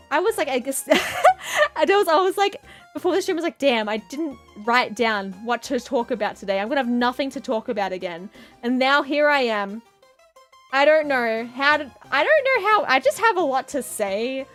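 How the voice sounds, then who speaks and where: A woman streamer with a high, bouncy voice that swoops all over the place, rambling through silly tangents and giggling between thoughts. Soft music plays faintly underneath her casual live-stream chatter. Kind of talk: casual live-stream chat while drawing.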